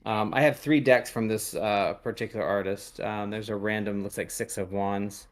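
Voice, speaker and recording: Male podcast host, low-ish voice, meandering and halting, casual chat. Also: steady tone. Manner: rambling, hesitant, lots of ums. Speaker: podcast host reading tarot.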